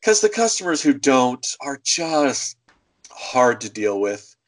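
A man co-hosting a podcast, telling stories in a casual, animated way. He acts out other people's voices as he goes. His voice sits in a middle pitch. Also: takes it slowly, low-quality recording. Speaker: podcast co-host. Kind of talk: casual storytelling.

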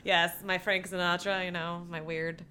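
A woman's voice: on the low side, flat delivery, normal speed, sharp tone, smooth. A woman co-hosting a podcast, recapping an episode in casual chat and laughing often. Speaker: podcast co-host.

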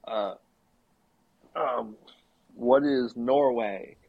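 A man's voice: mid-range voice, extremely slow, vocal fry, slightly rough, dry recording, narrow, tinny audio. A man taking part as a contestant in a podcast quiz, making offhand guesses. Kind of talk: casual chat.

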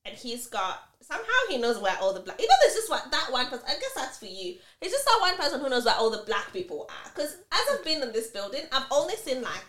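A woman's voice: high-pitched, fast, few pauses. A woman co-hosting a podcast, chatting casually and telling stories with many asides. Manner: animated, expressive storyteller with many asides. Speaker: podcast co-host. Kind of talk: casual chat, storytelling. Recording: echoey room.

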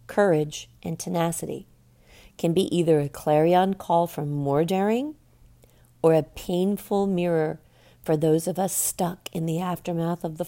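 A woman with a gravelly, low voice and a mellow, dark tone hosts a reflective personal talk. She is middle-aged and speaks candidly, with a wry, blunt edge. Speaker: podcast host.

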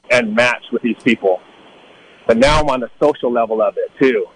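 A middle-aged man from Northern California in a casual storytelling talk, animated, acting out the people he quotes in a higher voice. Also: a little hiss or hum, rough recording. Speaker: guest telling life stories.

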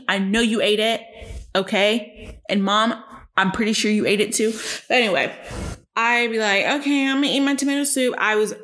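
A young woman hosting her own podcast, telling a long personal story in casual chat, profane and self-mocking, breaking into high, exaggerated voices when she acts out scenes. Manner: animated, jumps into high-pitched voices when acting out scenes. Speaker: podcast host.

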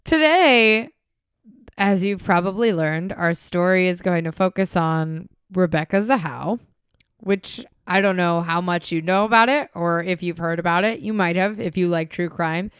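Giggly woman co-host, smooth bright tone. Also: lowish voice, moderate pace, no echo, clean studio sound. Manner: giggly, trips over words. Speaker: podcast co-host. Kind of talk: casual chat.

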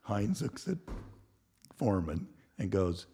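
A man in his sixties with a rough, gravelly voice sits in on a podcast as a guest and tells a story from his working years. His pitch sits low but swings widely as he acts out the people he quotes, and he swears freely along the way. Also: sing-song, slow, mellow. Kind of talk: storytelling in casual chat.

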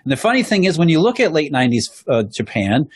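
A man's voice: a little high, sing-song, fast, husky. A man talking as a guest on a podcast, explaining economic history at length, often restarting and repeating words as he goes. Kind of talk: podcast conversation.

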